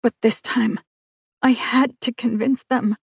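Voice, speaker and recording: Woman reading a novel, gravelly and a bit raspy, wry confiding tone. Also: on the high side, little pitch movement, slow, no echo, studio quality. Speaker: audiobook narrator. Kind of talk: first-person novel narration.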